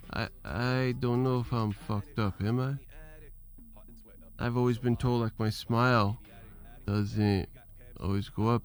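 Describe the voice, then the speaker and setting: Man, slow-talking, rambling monologue, frequent restarts, casual profanity. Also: on the low side. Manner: meandering, trailing off, frequent restarts and fillers; loose, profane and self-deprecating. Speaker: podcast host. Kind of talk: rambling solo podcast monologue.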